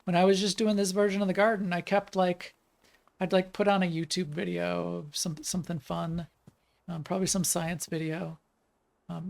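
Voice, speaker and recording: A game developer from the United States talks through a live stream while playing, rambling from one thought to the next. The voice has a gravelly, creaky edge and sits at an ordinary middle pitch. The speech is loose and unscripted, full of ums, uhs and restarted sentences. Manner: rambling, chatty, lots of fillers and restarts. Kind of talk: live stream gameplay chat.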